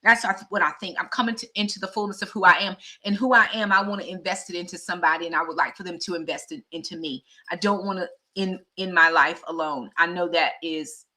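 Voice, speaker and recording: Fifties woman, vlogger, bright tone; conversational and heartfelt, speaks straight to her audience. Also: on the low side, steady tone, fast, few pauses. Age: 50s. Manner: heartfelt, conversational, addresses viewers directly. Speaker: vlogger and teacher. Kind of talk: candid personal vlog talk.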